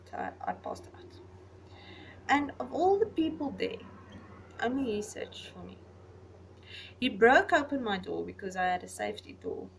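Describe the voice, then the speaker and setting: A young woman vlogger casually recounting personal memories, rambling and getting animated when she retells conversations. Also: medium pitch, creaky. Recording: voice a little far from the mic, faint background noise.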